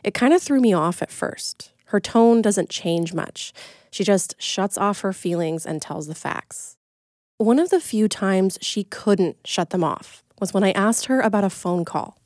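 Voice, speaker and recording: A woman reporter giving calm, measured scripted narration. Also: medium pitch, dry recording, studio quality.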